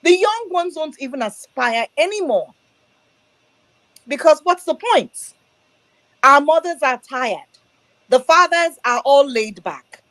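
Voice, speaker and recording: A woman from Nigeria giving an emotional political speech in an online audio room, slow and emphatic. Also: high-pitched, lively intonation, a bit bright, no room sound, rough recording. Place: abroad, diaspora.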